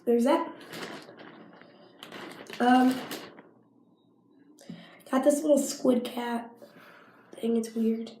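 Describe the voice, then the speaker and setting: Sick with a cough and sinus infection, a teen vlogger rambles chattily through a show-and-tell at home, full of coughs and "likes." She speaks very slowly with long pauses in a fairly high, steady, warm voice, in an echoey room with slight background noise.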